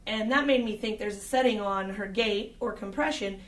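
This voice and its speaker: A woman's voice: mid-range voice, normal speed, few pauses, roomy sound, recorded from a distance. A woman who works as an audio engineer, giving direct, conversational advice to singers, with frequent fillers. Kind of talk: instructional talk.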